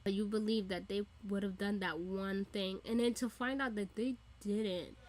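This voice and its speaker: A woman's voice: mid-range voice, normal speed. A woman hosting a reaction video, ranting casually and animatedly with a lot of swearing. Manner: profane, animated, laughing rants.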